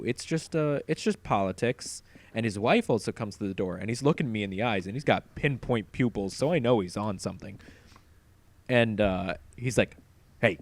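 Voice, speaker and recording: A young man co-hosting a casual podcast, telling stories in an animated way and acting out the voices. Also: mid-range voice, dry recording. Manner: lively, animated storytelling with acted voices. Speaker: podcast co-host.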